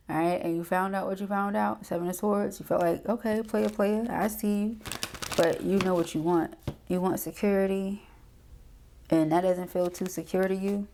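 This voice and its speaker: A woman's voice: lowish voice, a little mellow, a little hiss or hum. A woman doing a casual tarot reading, chatty and slangy, often checking in with "okay?". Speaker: tarot reader.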